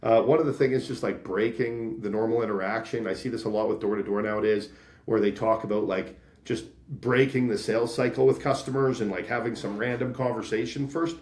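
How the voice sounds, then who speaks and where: A man in his thirties from Canada, a sales leader telling stories in a casual interview, animated and acting out quoted voices. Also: lowish voice, fairly quick, roomy sound. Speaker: podcast guest, sales leader.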